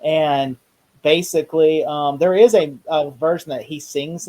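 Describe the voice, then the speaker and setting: A man in casual chat about a horror movie, talking excitedly and acting out lines in voices. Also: on the high side, normal speed. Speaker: co-host discussing a horror movie.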